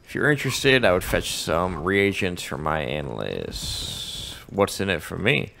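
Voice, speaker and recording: A man's voice: sits low, sing-song, unhurried, creaky, sharp tone, slight background noise, full character voice. A man reading as a fussy old woman mage. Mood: complaining. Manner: reading quest text aloud.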